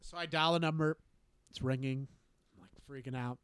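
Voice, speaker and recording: A man telling a story in casual chat, halting and self-deprecating, laughing often. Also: fairly high pitch, fairly even intonation, fairly bright tone, clean tone, no room sound, studio quality.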